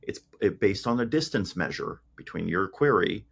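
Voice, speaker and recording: Deep-voiced man explaining with analogies. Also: expressive, moderate pace, creaky, fairly bright tone, slightly rough. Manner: explains through homely analogies, frequent restarts. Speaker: guest, AI company founder. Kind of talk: casual interview chat.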